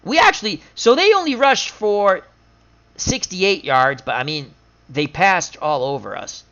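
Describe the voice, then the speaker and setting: A man streaming a simulated football game, chatting casually and running through scores and stats in quick lists, laughing at his own team's losses. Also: sits high, big pitch swings, pushed and bright. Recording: dull lo-fi sound.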